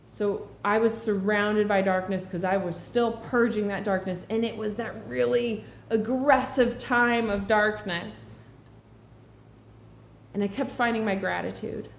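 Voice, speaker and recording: A woman's voice: mid-range voice, steady tone, measured pace. Earnest woman vlogging in an echoey room. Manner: earnest, reflective, heartfelt. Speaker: spiritual vlogger. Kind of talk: casual spiritual vlog monologue. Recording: echoey room with faint background hum.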